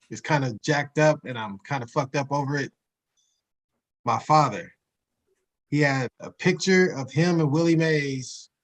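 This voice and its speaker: A man co-hosting a laid-back sports chat. His voice sits a little high. He tells stories full of profanity and breaks into laughs along the way. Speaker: podcast co-host.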